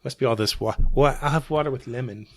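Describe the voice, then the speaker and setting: A man's voice: mid-range voice, fast talker, no room sound. A man co-hosting a podcast in playful, joking banter, his voice a little wheezy. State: slightly wheezy. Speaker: podcast co-host. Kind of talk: casual chat.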